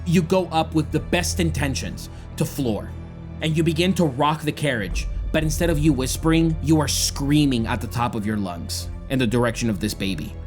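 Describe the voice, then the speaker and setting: A man's voice: a little high, normal speed, soft background music. A man narrating a tabletop game as game master, describing the scene dramatically.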